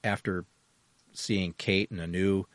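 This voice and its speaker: A man hosting a podcast in casual conversation, easygoing and quick to laugh. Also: low-pitched, level tone, dry recording. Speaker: podcast host.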